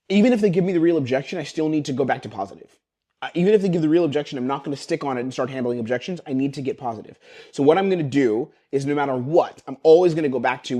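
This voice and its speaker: A man coaching sales by webcam, teaching scripts and acting out the closer's lines himself. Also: fairly high pitch. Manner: fast, energetic, acts out closer lines.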